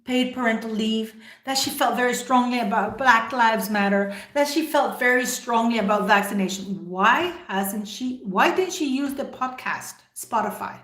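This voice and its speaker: A woman's voice: on the high side, normal speed, hardly any pauses, a bit bright. A woman hosting a livestream, giving opinionated commentary straight to her viewers and firing off rhetorical questions. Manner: emphatic, full of rhetorical questions. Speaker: livestream host. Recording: roomy echo.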